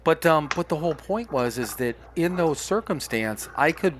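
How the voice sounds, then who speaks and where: A man's voice: on the high side, expressive, moderate pace, a little hiss or hum. A middle-aged man co-hosting a podcast, talking openly and reflectively, often restarting his sentences. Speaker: podcast co-host. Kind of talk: casual candid podcast talk.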